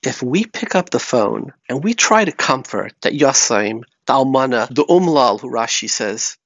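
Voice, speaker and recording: A man's voice: mid-range voice, expressive, moderate pace, a bit bright, dry recording. A man giving a Torah talk, telling stories and weaving in Yiddish and Hebrew terms. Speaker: rabbi. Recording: dry, slightly muffled recording.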